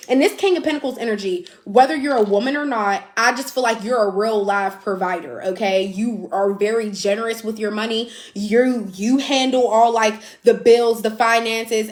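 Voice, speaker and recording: A woman's voice: fairly high pitch, roomy sound. A woman giving a casual, blunt live tarot reading, chatty and swearing now and then. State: out of breath. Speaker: tarot reader.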